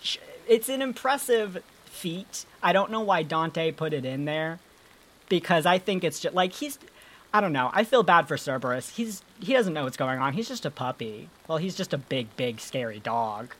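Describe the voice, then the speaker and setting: A podcast co-host in casual chat, talking in an animated, rambling, playful way with casual swearing. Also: mid-range voice, moderate pace.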